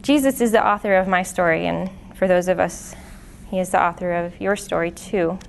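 With a fairly low pitch and some vocal fry, this woman speaks at normal speed. In her late twenties, she's a lay speaker giving an earnest, conversational testimony teaching to a live church audience, with many fillers and restarts, recorded on a handheld or stand microphone with slight background noise.

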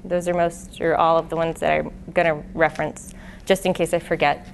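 Her voice is low and flat, brisk, with vocal fry, and there's a little hiss or hum in the recording. She's a lay speaker in her late twenties giving an earnest testimony teaching to a live church crowd, conversational and dotted with fillers and restarts, into a handheld or stand mic.

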